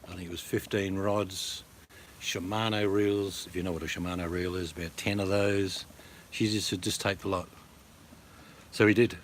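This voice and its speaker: Middle-aged Australian guy, low voice, blunt joker who rambles on camera. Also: fairly even intonation, moderate pace, slight background noise. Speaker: vlogger. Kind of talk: casual to-camera chat.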